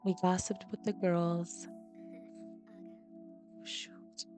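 Brief: young woman let's-play host, unhurried, middle pitch, giggly reactions, soft music underneath. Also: level tone. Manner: giggly, reactive, exclaims and laughs often. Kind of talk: casual gameplay commentary.

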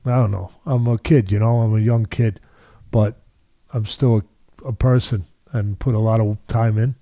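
A man's voice: lowish voice, steady tone, moderate pace, dark tone, no room sound, studio quality. An older man, a boxing trainer, telling stories in an interview, driving points home by repeating phrases. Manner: emphatic, repeats phrases for weight. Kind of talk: interview storytelling.

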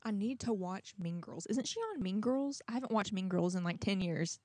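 A woman's voice: medium pitch, big pitch swings, normal speed, a little mellow, no echo. A young woman hosting a prank-call show, chatting in a rambling, self-questioning way. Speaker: host. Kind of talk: casual chat.

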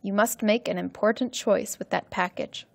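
A woman giving voice to a calm sea god, fatherly and solemn, in a storybook reading. The lines come out measured and even. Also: mid-range voice, gravelly, no echo.

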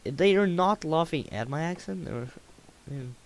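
A man's voice: on the high side, expressive, moderate pace, gravelly, a little hiss or hum, rough recording. A man doing a put-on Russian accent while casually commentating a video game, playful and jokey. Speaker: gamer.

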